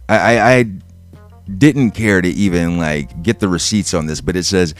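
A man's voice: sits low, animated, a little slow, no room sound, soft background music. A man hosting a podcast, ranting with heavy profanity and sarcasm. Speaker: podcast host. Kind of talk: ranting monologue.

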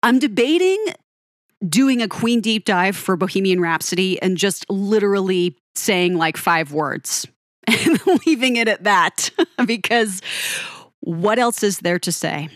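A woman's voice: medium pitch, expressive, unhurried, no room sound, clean studio sound. A woman hosting a music show, telling a band's story in a dramatic second-person style and then chatting casually with listeners. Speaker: music podcast host. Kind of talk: storytelling commentary.

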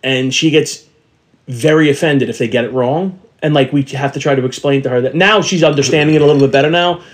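A man's voice: mid-range voice, fast talker. A middle-aged man co-hosting a casual podcast, telling rambling stories and acting out the voices of people he met. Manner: rambling storyteller, acts out quoted voices. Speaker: podcast co-host. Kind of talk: casual chat.

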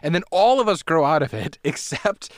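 A man co-hosting a casual podcast chat, relaxed, reading facts aloud in a conversational way. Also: a little high, moderate pace, dry recording. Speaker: podcast co-host.

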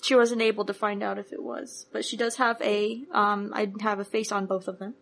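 A woman playing her character in a tabletop role-playing game, talking in a casual, laid-back, drawn-out way. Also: mid-range voice, little pitch movement, gravelly, a bit bright. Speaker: player.

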